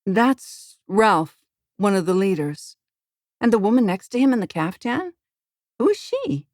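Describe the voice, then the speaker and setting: A woman voicing an eager, brash female newspaper reporter in an audiobook, her speech excited and keen. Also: medium pitch, a little slow, dry recording, studio quality. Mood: curious. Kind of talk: audiobook character voice.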